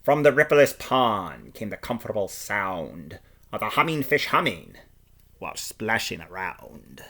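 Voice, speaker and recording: Male storybook reader, playful and expressive, bright voice, lively pitch, unhurried. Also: breathy edge. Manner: playful, expressive, rhyming delivery. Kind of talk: performed storybook reading in first person.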